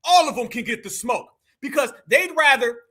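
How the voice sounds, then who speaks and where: Dude going off on a reaction stream, high voice, super bright and sharp, swearing and yelling. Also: male voice, expressive, moderate pace. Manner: fiery, profane, often shouting. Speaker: political commentator reacting to clips. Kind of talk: heated reaction commentary.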